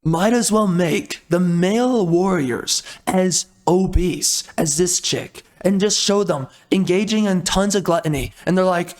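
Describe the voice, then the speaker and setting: A man's voice: sits high, unhurried, few pauses. A man giving a comedic trailer reaction, ranting in an exasperated, indignant way with mild swearing. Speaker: video reactor.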